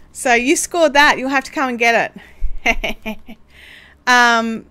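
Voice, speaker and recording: Australian woman, chatty livestream host, bubbly and rambling, fairly high voice. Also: a little slow, bright, forceful tone, clear, resonant tone. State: hiccups. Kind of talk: casual live chat.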